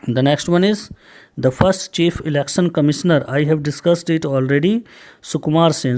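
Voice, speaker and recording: A man teaching a general knowledge class in Indian English, repeating each question and answer slowly. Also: fairly high pitch, darkish tone. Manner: slow, repetitive quiz-answer explaining. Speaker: school teacher.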